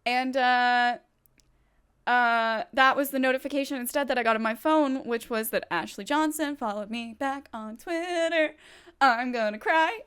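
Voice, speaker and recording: A Twitch streamer chats casually with her viewers while gaming, talking straight to chat in an excitable, gushing way. Her voice is high, clear and resonant, and she doesn't rush.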